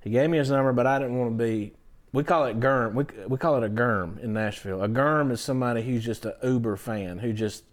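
A man's voice: medium pitch, a little fast. A middle-aged man, a songwriter telling stories in a casual interview and acting out the people he quotes. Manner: animated, acts out quotes in other voices. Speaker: guest songwriter.

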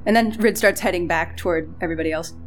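A woman playing a tabletop game, describing her character's moves in a wry, quick way. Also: on the low side. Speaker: player.

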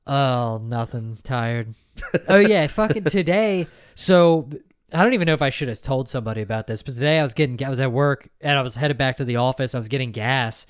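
A man's voice: mid-range voice, brisk, clean tone, no room sound, clean studio sound. A man co-hosting a comedy podcast, telling a story in loose, casual chat, swearing and laughing often. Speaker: podcast co-host.

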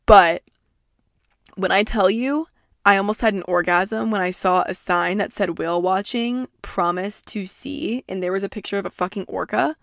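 A woman's voice: mid-range voice, a little slow, gravelly, pauses often, fairly bright tone, no room sound, clean studio sound. A young adult woman hosting a podcast in casual solo chat, rambling, swearing freely and speaking candidly. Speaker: podcast host.

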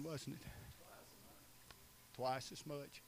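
A preacher from Eastern Oklahoma who swings between shouted, chanting preaching and quieter asides with short laughs. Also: male voice, high-pitched, a little slow, creaky, pauses often. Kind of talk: sermon.

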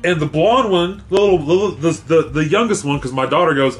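A middle-aged man chatting casually, fairly high for a man, his pitch swinging widely as he acts out both sides of his stories. Faint music plays softly underneath. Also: moderate pace. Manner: animated storyteller acting out both sides. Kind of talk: casual podcast chat.

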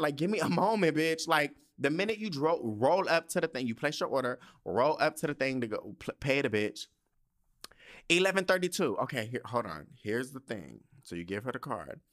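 A man hosting a podcast, telling a profane, animated story in a casual, sassy rant full of asides. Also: mid-range voice. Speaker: podcast host.

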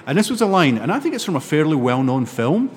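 An older man from Scotland with a Scottish accent, a novelist guest telling stories in an animated way, laughing often. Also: a little high, fast, in a large hall, a little hiss or hum. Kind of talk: interview conversation.

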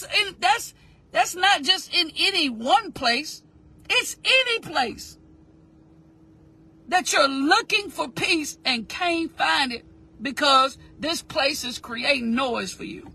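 In an extremely high, bright, forceful voice, a woman motivational speaker delivers her talk with a preacher's cadence. Addressing the audience directly, she emphasizes repeated phrases and invites them to say lines with her.

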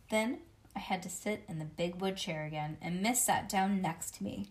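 A woman reading a children's book aloud in a lively way, breaking off now and then for playful asides. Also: fairly low pitch, normal speed, a little hiss or hum. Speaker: reader.

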